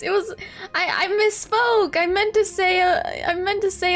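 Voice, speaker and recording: A woman's voice: extremely high pitch, a little slow, a bit bright, soft background music. A woman live-streaming a video game, giggling often and chatting to her viewers as she plays. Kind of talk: live gameplay commentary.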